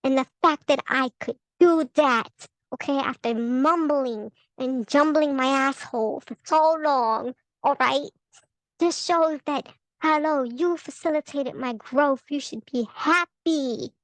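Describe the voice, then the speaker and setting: A woman's voice: high voice, slow pace, dry recording, poor audio. A young woman giving a casual, profane tarot reading, blunt and rambling, often laughing and restarting her sentences. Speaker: tarot vlogger.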